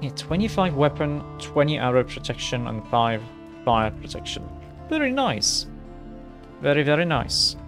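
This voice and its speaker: A young man casually commenting on his gameplay in a chatty, rambling, low-key way. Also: normal speed, music in the background. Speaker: let's play host.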